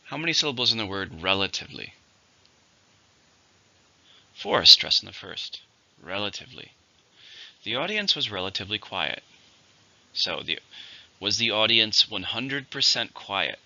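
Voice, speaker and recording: A man teaching an English vocabulary lesson, slowing down to stress each syllable as he models new words. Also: lowish voice, sing-song, creaky, sharp tone, lo-fi sound.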